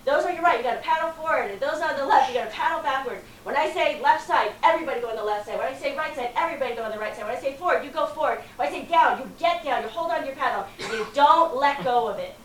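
A woman doing a male river guide barking orders over the roar, loud and urgent, leaving no room for argument. The voice rings out from a distance in a roomy space with a faint hiss behind it. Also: high-pitched, rapid-fire, hardly any pauses, pitched above the performer's own voice, close to an everyday voice. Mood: shouting orders. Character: adult male river guide yelling instructions. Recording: roomy, from far off, faint noise.

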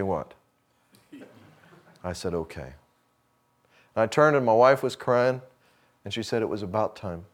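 A middle-aged man, preaching in a folksy, storytelling way and acting out dialogue, dropping to a hush for quoted lines. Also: mid-range voice. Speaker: speaker addressing a men's gathering. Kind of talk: sermon with personal story.

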